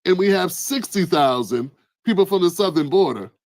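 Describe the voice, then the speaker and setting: A man calmly explaining the news as an online commentator, in a measured, wry way. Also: high-pitched, no room sound, poor audio.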